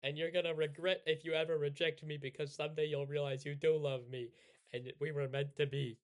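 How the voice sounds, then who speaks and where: A man voicing a heartbroken teenage girl desperately pleading for love in a high falsetto. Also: level tone, fairly quick, lightly acted.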